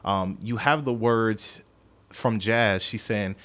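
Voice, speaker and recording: A man hosts a casual podcast music review in a somewhat low voice. He rambles and pokes fun at himself, often stumbling over his words as he goes. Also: takes it slowly, fairly bright tone. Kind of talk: casual solo review chat.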